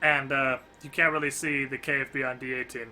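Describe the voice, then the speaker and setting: Bright-toned male game master. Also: medium pitch, level tone, normal speed. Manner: descriptive, loose narration with many fillers. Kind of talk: narrating a tabletop game.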